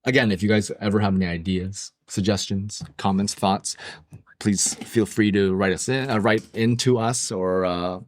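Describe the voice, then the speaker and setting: A man's voice: on the low side, fairly even intonation, moderate pace, no echo. A man co-hosting a podcast in casual chat, rambling and joking with a lot of fillers. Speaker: podcast co-host. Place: room with the other hosts and guest.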